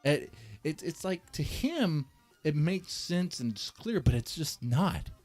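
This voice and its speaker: A male commentary streamer talks in a casual, rambling way and keeps circling back on his own sentences. His delivery is mocking, and his pitch swings widely as he goes. Faint music plays underneath. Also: big pitch swings, takes it slowly, a little mellow. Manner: mocking, rambling with many restarts.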